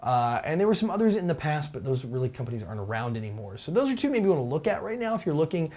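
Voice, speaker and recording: A man hosting a weekly Q&A show, answering viewer questions in a relaxed, rambling way with restarts. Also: fairly high pitch, rapid-fire. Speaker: host. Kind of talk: casual Q&A chat. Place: Taiwan.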